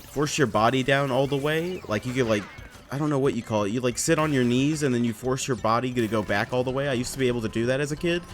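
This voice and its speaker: A young man at his home desk mic, talking through a platform game in a loose, rambling way. He trails off and restarts, pokes fun at himself and swears casually, in a voice of ordinary middle pitch. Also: a little hiss or hum. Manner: rambling, self-deprecating, swears often. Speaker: let's play gamer. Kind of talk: casual gameplay commentary.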